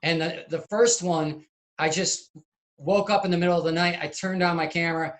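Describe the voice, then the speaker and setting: A middle-aged man being interviewed over a video call, telling stories in an animated way, acting out scenes and laughing at his own anecdotes. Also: fairly high pitch, normal speed. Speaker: guest, comedy video maker. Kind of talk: casual interview.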